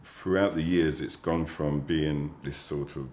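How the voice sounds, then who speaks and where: An English man being interviewed, talking in a measured, musing way with pauses and fillers. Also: extremely low pitch, steady tone, a little mellow, echoey room. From England. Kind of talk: reflective interview talk.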